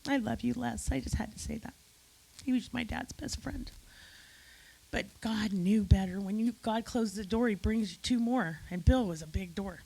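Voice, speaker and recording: A woman's voice: on the high side, normal speed, vocal fry, warm tone, poor audio. A woman giving an emotional, effusive eulogy at a memorial gathering, speaking straight to friends in the room.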